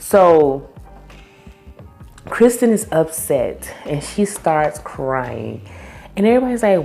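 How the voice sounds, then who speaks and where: Low, mellow-voiced woman vlogger. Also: animated, measured pace, faint music behind. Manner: chatty, opinionated, slangy. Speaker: recap vlogger. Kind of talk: casual TV recap chat.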